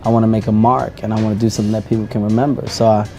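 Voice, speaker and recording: A man giving a deadpan, mock-serious interview answer in a comedy bit. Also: lowish voice, racing, faint music behind. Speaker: interview guest.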